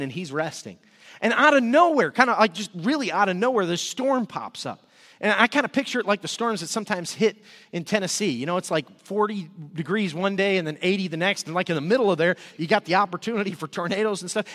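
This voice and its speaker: High-voiced pastor preaching in a reverberant hall. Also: male voice. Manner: energetic, repeats words when excited. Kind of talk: sermon. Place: church service.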